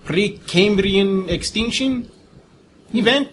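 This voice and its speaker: A man voicing a chatty old village woman with a put-on Russian accent, halting and hunting for words. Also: sits high, slight background noise, pitched above the performer's own voice. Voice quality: rambling, halting, hunts for words.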